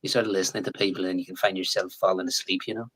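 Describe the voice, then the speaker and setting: An English man in his forties, a guest in a casual live chat, talking in a chatty, animated way and laughing often. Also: deep voice, rapid-fire, slightly rough, rough recording. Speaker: guest actor.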